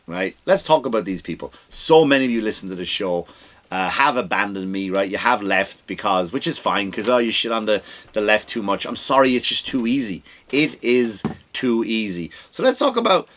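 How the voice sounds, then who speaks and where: A man's voice: fairly low pitch, animated, moderate pace, a bit bright. A man hosting a comedy podcast, ranting sarcastically about politics with profanity and rhetorical questions.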